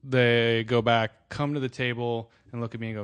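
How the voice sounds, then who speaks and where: Male podcast co-host, relaxed storyteller, chatty with ums, mid-pitched voice. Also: moderate pace, smooth. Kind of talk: casual chat.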